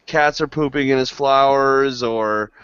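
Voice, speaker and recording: Slow, rambling male podcast host. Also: medium pitch, a bit bright, smooth, dry recording, dull audio. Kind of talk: casual news commentary.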